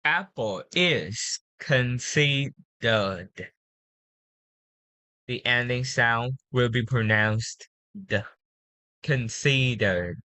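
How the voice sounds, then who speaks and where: A woman tutoring English pronunciation, patiently drilling words slowly and repeating them. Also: rumbling low, bright, forceful tone, dry recording. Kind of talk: one-on-one pronunciation coaching.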